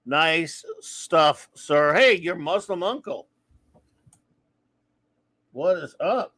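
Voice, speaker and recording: A man's voice: fairly high pitch, expressive, bright, forceful tone, no echo. Rambling, stumbling man hosting a live show. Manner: rambling, stumbling, self-correcting with quick laughs. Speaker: podcast host reading listener reviews. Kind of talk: casual live-stream chat.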